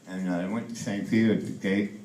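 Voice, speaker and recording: A man in his eighties does stand-up for the first time on a comedy club stage, talking fast in a fairly low, steady, darkish voice. The roomy, low-quality recording catches his many fillers and restarts as he acts out the punchlines in a raised voice.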